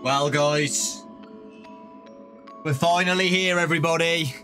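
A young British man giving excitable let's-play commentary, often shouting and exclaiming. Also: fairly high pitch, slow, soft background music. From Britain. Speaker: gaming YouTuber.

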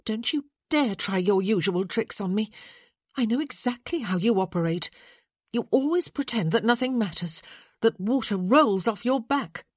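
Lady reading as a sharp bossy noblewoman, raised voice, lively and husky. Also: mid-range voice, normal speed, no room sound, clean studio sound, pitched above the performer's own voice. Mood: sharp, insistent. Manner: sharp, insistent, scolding. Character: sharp, worried young widowed noblewoman. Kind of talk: audiobook character voice.

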